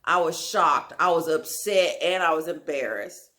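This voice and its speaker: A young woman telling a wild story in a casual storytime vlog, animated and full of filler words. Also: deep voice, measured pace. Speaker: storyteller, channel host.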